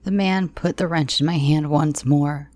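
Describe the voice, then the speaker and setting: A woman narrating a first-person horror story in a slow, hushed, tense reading. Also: low voice, steady tone, no echo.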